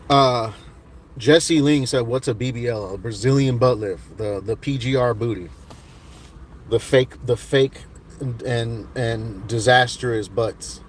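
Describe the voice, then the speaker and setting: A man's voice: mid-range voice, a little slow. Chill american guy in his 30s reading chat, mid voice, bit of traffic noise behind. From United States. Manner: rambling, laid-back, with many restarts and fillers. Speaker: livestream host reading chat. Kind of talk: casual chat.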